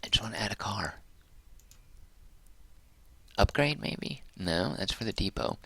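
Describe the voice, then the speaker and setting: A man's voice: lowish voice, expressive, a little slow, vocal fry, pushed and bright, slightly rough, no room sound. A man streaming a game, chatting and muttering to himself, mildly exasperated with the controls. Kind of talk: casual game livestream commentary.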